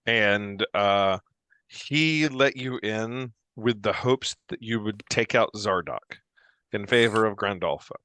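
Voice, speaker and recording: A man narrating as game master of a fantasy tabletop game, in a relaxed, halting way with fillers. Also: lowish voice, clear, resonant tone, no echo.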